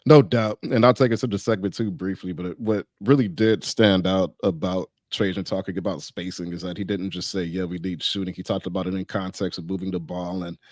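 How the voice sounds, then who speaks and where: A man from Detroit co-hosting a basketball podcast as a sports writer, talking in a measured, analytical way. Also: low-pitched, fairly even intonation, no echo. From Detroit, USA. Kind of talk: casual sports podcast chat.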